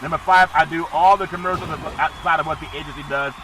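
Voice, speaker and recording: High-voiced man hosting a sports podcast. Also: steady tone, fast talker, pushed and bright, slight background noise, poor audio. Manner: rambling, jokey, sing-song asides. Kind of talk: solo sports podcast monologue.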